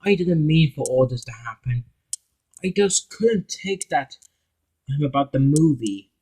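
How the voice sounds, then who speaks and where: A man's voice: fairly high pitch, lively intonation, measured pace, vocal fry, mellow, slightly rough, heavily acted, low-quality recording. A man voicing a female engine who speaks hesitantly and apologetically in a homemade fan story. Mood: apologetic. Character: sorry, sulky female engine.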